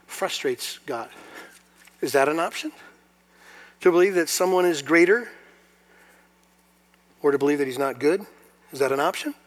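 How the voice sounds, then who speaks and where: A man preaching a sermon to a congregation, moving between quiet, confiding asides and loud, emphatic passages and putting rhetorical questions to his listeners. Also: medium pitch. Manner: asks the audience rhetorical questions. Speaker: pastor. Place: church hall before a congregation.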